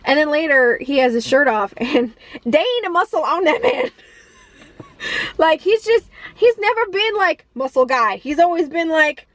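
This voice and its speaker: High-voiced woman ranting about a movie. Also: no room sound. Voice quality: profane, exasperated, laughs often. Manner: rambling with many fillers and restarts. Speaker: movie reviewer. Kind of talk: casual ranting movie review.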